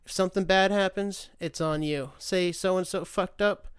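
A podcast host delivers a casual solo political rant that is loose, profane and sarcastic. He drifts off topic, loses his train of thought and keeps restarting sentences. His voice is smooth, resonant and steady, a bit high for a man, at normal speed.

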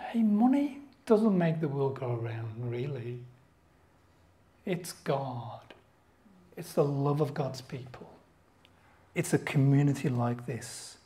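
High-voiced, joking male preacher. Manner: lively, joking, conversational with asides. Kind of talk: sermon. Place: church service.

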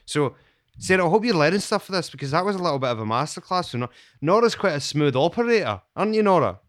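A man's voice: on the high side, sing-song, fast, dry recording, studio quality. A man hosting a podcast, bantering in a cheeky, teasing way. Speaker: podcast host. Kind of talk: playful casual chat.

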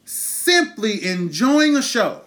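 A man's voice: high-pitched, very animated, slow pace, a bit bright. Furious profane man in his thirties. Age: 30s. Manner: angry, profane ranting; emphatic rhetorical questions. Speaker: podcast host. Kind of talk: impassioned monologue.

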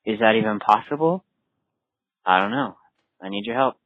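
A man's voice: fairly low pitch, animated, moderate pace, no echo. A man calling in to ask for advice, hesitant and earnest. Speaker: caller. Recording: phone-line sound.

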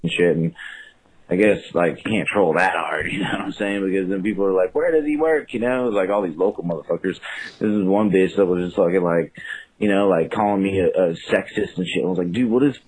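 A man's voice: deep voice, fairly even intonation, fairly quick, a little mellow, slightly rough. A man with a Carolina accent leaving a rambling, profane voicemail over a phone line. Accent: Carolina Southern US. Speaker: caller.

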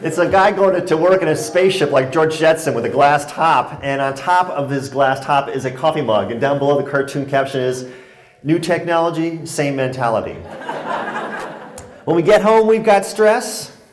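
A man's voice: a little high, moderate pace. Joking man lecturing in an echoey hall. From Connecticut, USA. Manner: joking, animated storytelling with audience laughter. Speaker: speaker giving a talk on stress. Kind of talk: humorous public lecture.

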